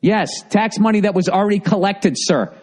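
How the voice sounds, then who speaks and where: A comedian hosting a podcast, ranting heatedly and sarcastically, with constant swearing. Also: male voice, high-pitched, moderate pace, a little mellow. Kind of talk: profane comedic rant.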